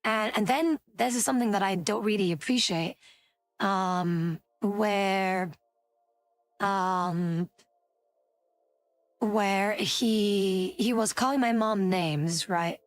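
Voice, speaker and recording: Woman streamer, casual storytelling, rambling, filler words, medium pitch, faint background music. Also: takes it slowly, pauses often, no room sound. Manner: rambling, many fillers and restarts.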